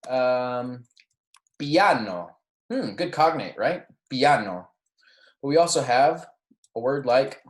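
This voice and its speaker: A man teaching Spanish in a recorded lecture speaks in a mid-range voice within an echoey room. He is patient, modeling pronunciation slowly and correcting himself as he proceeds.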